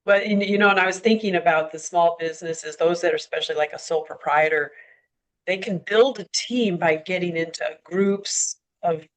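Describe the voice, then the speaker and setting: A woman hosting an interview in a somewhat low voice. She affirms her guest often with encouraging interjections. Her questions invite the guest to share more examples. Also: normal speed. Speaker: host. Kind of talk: interview host.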